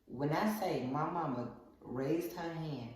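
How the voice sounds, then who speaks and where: A woman vlogger telling a rambling, animated personal story in a casual way. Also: low voice, slow. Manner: rambling, animated storyteller who acts out quotes. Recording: very echoey room, faint hiss.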